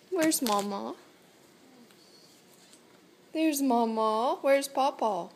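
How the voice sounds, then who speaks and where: A young mother coaxes her toddlers in slow, drawn-out sing-song baby talk, her voice pitched high. It was caught on a handheld home camera in the living room, with a faint hiss behind her. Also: expressive. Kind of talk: home video, talking to small children.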